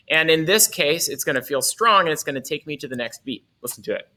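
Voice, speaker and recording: Bright-voiced male music teacher. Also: on the high side, a little fast, hardly any pauses. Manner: upbeat, playful explaining with asides. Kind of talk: music lesson.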